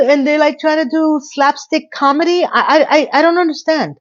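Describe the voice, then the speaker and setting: A woman's voice: sits high, normal speed, hardly any pauses. Sarcastic woman rambling through a TV recap. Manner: sarcastic, rambling, playfully exasperated. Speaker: TV recap YouTuber. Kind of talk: casual TV recap vlog. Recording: slightly dull lo-fi audio.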